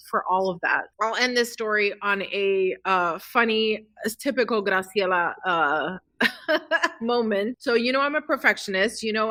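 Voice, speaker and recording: Bright-voiced emotional middle-aged woman. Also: medium pitch, dry recording. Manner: emotional, rambling storytelling with many fillers. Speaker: guest. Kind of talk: casual interview chat.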